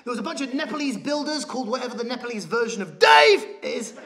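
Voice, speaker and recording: A man performing a stand-up comedy set on a theatre stage, telling a story with animated, shouted rants. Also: very high-pitched, quick pace. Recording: live theatre, audience laughter. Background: audience laughing.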